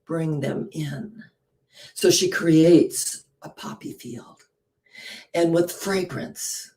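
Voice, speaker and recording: A woman giving a spiritual storytelling talk, animated, often posing questions to her listeners. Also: fairly low pitch. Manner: animated, poses rhetorical questions. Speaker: inspirational speaker.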